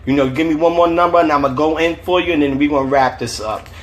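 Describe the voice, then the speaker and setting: A man reads from his own novel on a phone livestream, his voice sitting a little high. Between passages he chats casually with viewers in relaxed, slangy talk, chuckling often. The tone is loose and friendly. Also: fast talker. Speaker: author reading his novel. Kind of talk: livestream reading and casual chat.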